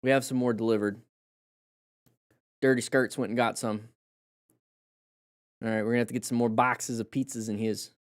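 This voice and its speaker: A man's voice: medium pitch, little pitch movement, normal speed, long pauses, no room sound, clean studio sound. Chatty male live-stream riding coach. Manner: rambling, chatty, with frequent restarts and fillers; coaching tone, praising riders and joking with chat. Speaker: motorcycle safety streamer reviewing crash clips. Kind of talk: casual live-stream commentary.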